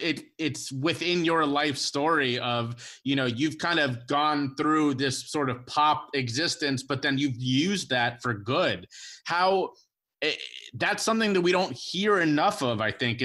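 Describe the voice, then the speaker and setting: A man's voice: a little high, sharp tone. A man hosting a podcast who asks casual interview questions and often restarts and repeats words. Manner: halting, repeats words as he starts his questions. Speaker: podcast host.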